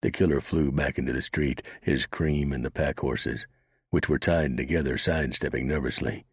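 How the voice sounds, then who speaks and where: A man narrating a western audiobook in a steady, measured storytelling voice. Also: rumbling low, slightly rough, no echo, studio quality.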